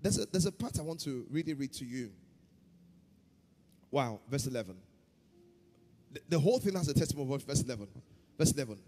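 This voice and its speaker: A man preaching a sermon as pastor, shifting between loud chanted prayer and quiet storytelling. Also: medium pitch, expressive, fairly quick, long pauses, in a large hall. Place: church hall.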